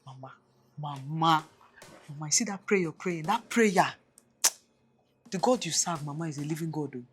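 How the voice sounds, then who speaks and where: A woman's voice: low-pitched, animated, normal speed. A young woman with a Nigerian accent playing a scheming daughter who coaxes and pleads with her mother in a film drama. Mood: pleading. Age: young adult. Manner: coaxing, defensive.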